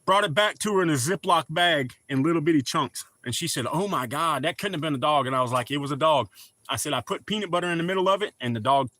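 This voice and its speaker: Middle-aged male streamer, slightly high voice with a bright edge, easygoing chat with viewers. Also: lively intonation, fast talker. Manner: laid-back, chatty, greets viewers by name. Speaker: livestream host. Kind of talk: casual livestream chat.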